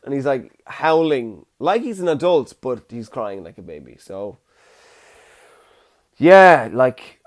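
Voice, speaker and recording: A man's voice: mid-range voice, very animated, slow. A young man, hosting a casual solo podcast with chatty, jokey storytelling. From Ireland. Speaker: podcast host.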